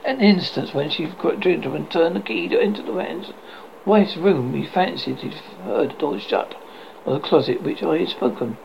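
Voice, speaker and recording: A man narrating a classic story aloud in a steady reading voice, with occasional small slips. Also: on the high side, normal speed, creaky. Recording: slightly dull, faint hiss.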